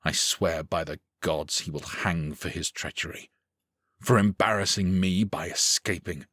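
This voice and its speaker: A man reading a first-person fantasy audiobook in a measured, steady storytelling manner. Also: deep voice, husky, dry recording, studio quality. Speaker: audiobook narrator.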